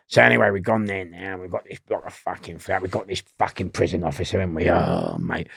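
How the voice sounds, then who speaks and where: Podcast guest, London man, gravelly and lowish, animated yarn-spinner who does the voices, dry sound. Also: dry recording. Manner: animated storyteller who acts out voices and laughs often. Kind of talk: storytelling in a podcast interview.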